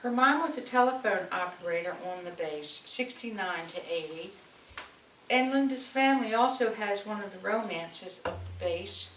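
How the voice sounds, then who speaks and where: A woman with a mid-range, animated voice speaks at normal speed at a community anniversary event. As a local speaker, she shares fond personal stories in a warm, speech-like way. The room is echoey, the mic distant, with faint noise.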